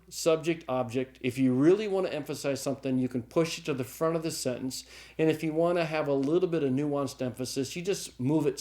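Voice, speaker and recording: Male Greek teacher, middle-aged; relaxed recorded lecture, light chuckles. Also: mid-range voice. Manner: relaxed, chuckles often, checks in with "okay?".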